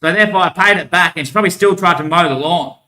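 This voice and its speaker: A man's voice: high-pitched, racing, pushed and bright. A man talking in a long rambling monologue, laughing between thoughts. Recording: echoey room.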